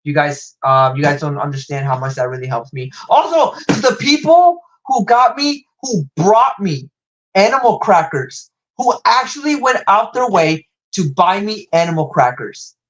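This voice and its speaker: Excitable young man unboxing toys live. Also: moderate pace, dull audio. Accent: slight Latin American Spanish accent. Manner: excitable, gushing, wide pitch jumps. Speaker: toy collector streamer.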